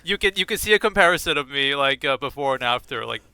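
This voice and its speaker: A man hosting a casual fighting game podcast, animated and mock-dramatic, laughing often. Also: mid-range voice, quick pace, clear, resonant tone, dry recording. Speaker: podcast host. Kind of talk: casual chat.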